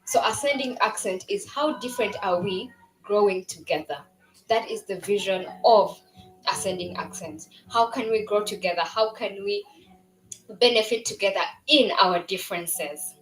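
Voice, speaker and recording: A woman founder giving an animated speech to a live audience at a launch event, acting out her own past remarks in a higher voice. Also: normal speed. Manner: animated, quotes herself in raised pitch. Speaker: founder speaking at a product launch. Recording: echoey hall with faint music.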